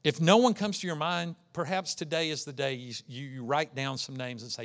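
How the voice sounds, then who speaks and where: A man's voice: a little high, steady tone, a little fast, hardly any pauses. A man preaching an earnest sermon as pastor, acting out the voices he quotes.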